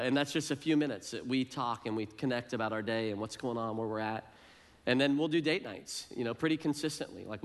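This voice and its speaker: A middle-aged male pastor preaching a sermon in a conversational, self-deprecating way, often repeating words as he starts a phrase. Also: mid-range voice.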